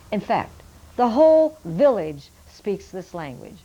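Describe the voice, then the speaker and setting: A woman's voice: mid-range voice, very animated, unhurried, warm tone, poor audio. Older woman telling a mission story. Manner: earnest storyteller addressing her listeners as friends. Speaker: missionary Bible translator. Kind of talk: storytelling testimony.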